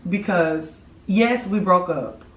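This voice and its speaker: A woman vlogger telling a story in casual chat, animated and blunt, swearing and talking straight to the viewers. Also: fairly low pitch, slow pace. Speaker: vlogger co-host. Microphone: camera mic from a few feet away. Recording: roomy sound, mic at a distance.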